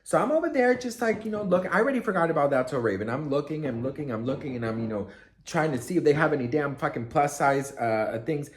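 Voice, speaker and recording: A man telling a story casually to camera, chatty and expressive, acting out quotes with lots of fillers. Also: on the high side, fast talker. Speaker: vlogger and storyteller.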